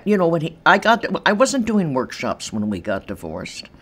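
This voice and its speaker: An older woman telling stories in an interview from her apartment, animated and acting out the voices of others. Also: deep voice, moderate pace, breathy edge. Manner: animated, acts out quoted voices, laughs easily. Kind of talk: storytelling in an interview. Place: large empty room in her apartment.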